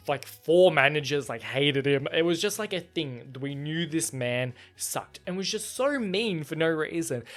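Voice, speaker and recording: A young man hosting a casual solo podcast, telling a story in an animated, profane way, jumping between loud outbursts and muttered asides. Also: fairly high pitch. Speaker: podcast host.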